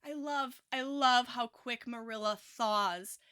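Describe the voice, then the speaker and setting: A woman's voice: on the high side, slow, bright, forceful tone, clean tone. A woman giving casual, musing commentary on a novel, reading passages and correcting herself as she goes. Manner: chatty, musing, self-correcting. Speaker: book reviewer.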